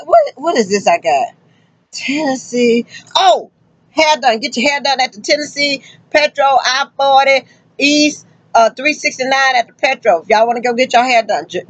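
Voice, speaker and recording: A woman's voice: a little high, highs cut off. A woman truck driver vlogging casually and sassily, talking straight to her viewers and calling them honey and girl. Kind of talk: casual chatty vlog.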